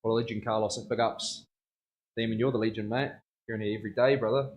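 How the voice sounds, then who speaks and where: A man's voice: lowish voice, fairly even intonation, fast, lo-fi sound. A man, a tattoo artist chatting casually on a livestream, slangy and rambling, often laughing. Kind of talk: casual chat.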